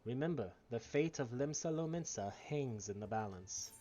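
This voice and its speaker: A man voicing a skeptical guard captain in a game, speaking in a stern, curt, measured way in a dull lo-fi recording. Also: medium pitch, expressive, mellow, natural voice. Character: gruff skeptical male guard captain, blunt. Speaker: streamer reading game dialogue.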